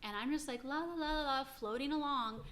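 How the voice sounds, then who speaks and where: A woman's voice: high voice, brisk, fairly bright tone. A woman co-hosting a podcast in casual chat, recapping and telling stories and reacting with gasps. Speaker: podcast co-host.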